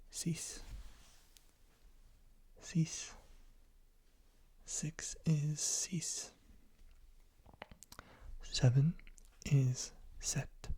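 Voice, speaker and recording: Man whispering slow ASMR lesson. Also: fairly high pitch. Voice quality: whispered, breathy. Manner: slow, gentle and patient, repeating each word softly. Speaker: ASMR creator teaching French words.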